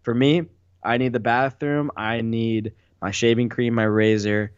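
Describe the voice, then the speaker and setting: A man who is a guest on a podcast, chatting casually in a relaxed, teasing way. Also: medium pitch, measured pace, clear, resonant tone, dry recording. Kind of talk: casual chat. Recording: dry, dull lo-fi sound.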